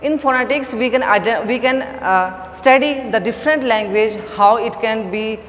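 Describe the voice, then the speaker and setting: A woman's voice: a little high, fairly bright tone. Woman teaching in an echoey room. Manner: slow, repetitive, stresses key words. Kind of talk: online phonetics lecture. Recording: long echo, faint background noise.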